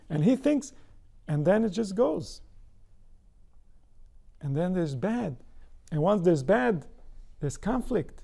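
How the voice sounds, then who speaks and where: Man, spiritual lecture, rhetorical questions, gravelly, mellow tone. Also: high voice, slow pace, long pauses. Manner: lively, asks rhetorical questions and answers them. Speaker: spiritual teacher. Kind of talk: kabbalistic Torah lecture.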